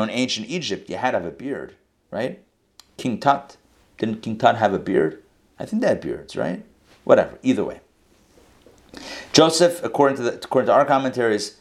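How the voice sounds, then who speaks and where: Man teaching a casual Torah class. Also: medium pitch. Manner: conversational, thinking aloud. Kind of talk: informal Bible class.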